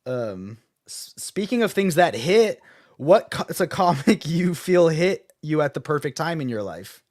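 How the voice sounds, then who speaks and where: A man's voice: on the high side, big pitch swings, measured pace, darkish tone. A man co-hosting a casual comics talk show, chatty with many fillers and frequent laughs. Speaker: podcast host. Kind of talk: casual chat about comics.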